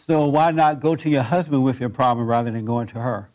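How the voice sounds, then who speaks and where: A man's voice: medium pitch, a little fast, darkish tone. A man counseling a guest, asking probing questions, repeating her answers back and now and then joking. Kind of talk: probing one-on-one conversation.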